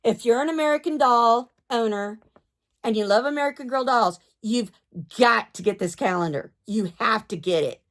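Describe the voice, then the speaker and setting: A woman's voice: a little high, normal speed. A woman vlogging in a casual chat about her doll collection, gushing, repeating herself and stumbling over names.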